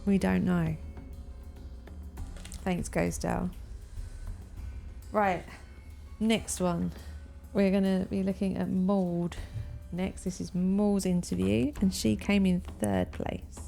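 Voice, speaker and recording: A woman streamer narrating and organizing a murder mystery game in a brisk, casual way. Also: lowish voice, level tone, vocal fry, warm tone, soft background music. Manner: brisk, organizing, laughs often.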